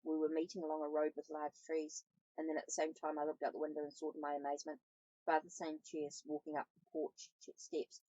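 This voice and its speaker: A woman's voice: sits low, monotone, a little fast, dark tone, no room sound, highs cut off. A woman reading a first-person novel aloud, with small slips and self-corrections. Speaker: audiobook reader, tarot channel host.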